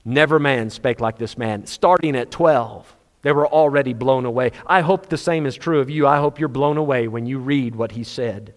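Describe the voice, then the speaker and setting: A man preaching a sermon, telling the story with animated, acted-out scenes. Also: mid-range voice, normal speed. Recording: long hall reverb.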